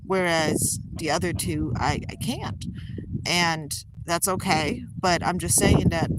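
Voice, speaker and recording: A woman livestreaming outdoors among her geese, talking casually and rambling with lots of "like" and "um" fillers. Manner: coos to her birds in a much higher voice. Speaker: goose keeper livestreaming. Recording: loud outdoor background noise.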